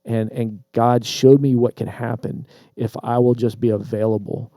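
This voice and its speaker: A man co-hosting a podcast, casually telling a personal story with lively asides and repeated words. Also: mid-range voice, moderate pace, dry recording, clean studio sound. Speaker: podcast co-host. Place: Traverse City, Michigan.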